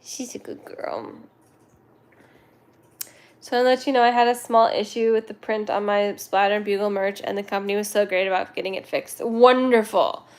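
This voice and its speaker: A young woman hosting a cat rescue livestream, chatting casually with viewers in a playful, giggly, rambling way. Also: medium pitch.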